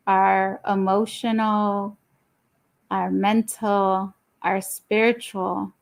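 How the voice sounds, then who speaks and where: A woman co-hosting a community wellness talk, calmly explaining mental health concepts in a reflective, informative way. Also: medium pitch. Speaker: wellness event co-host.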